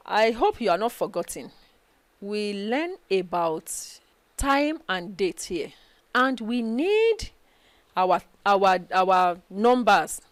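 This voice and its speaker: A woman's voice: mid-range voice, dry recording. A woman with a Nigerian English accent teaching a recorded French lesson. She repeats each phrase twice and checks in with "okay?". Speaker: French language lecturer. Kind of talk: recorded study-session lecture.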